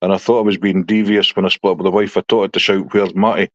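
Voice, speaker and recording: A man's voice: low voice, little pitch movement, fast talker, no room sound, dull audio. A man hosting a live stream, telling blunt, sweary stories in casual chat and laughing often.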